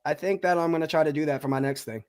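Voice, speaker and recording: Eager chatty man, slightly high voice. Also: steady tone, very fast, darkish tone, no echo, clean studio sound. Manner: eager, chatty, stumbling restarts. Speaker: guest, the host's son. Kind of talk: casual live-stream chat.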